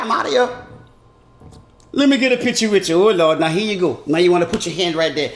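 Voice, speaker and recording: A man doing an animated comedic monologue that turns earnest and preachy. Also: sits high, fast, echoey room. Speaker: comedian vlogger.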